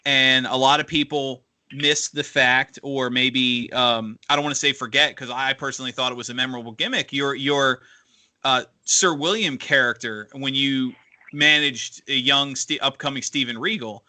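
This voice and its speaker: Bright-voiced man asking long questions. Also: mid-range voice, fairly even intonation, normal speed. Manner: long, searching questions full of restarts. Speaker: interviewer, podcast co-host. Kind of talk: interview questions.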